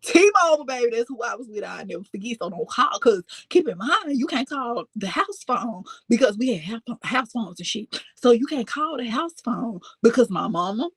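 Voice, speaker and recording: A woman telling a casual, profane storytime tale, full of animated asides and sudden high excited squeals. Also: moderate pace, few pauses, slightly rough, dry recording. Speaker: storytime vlogger.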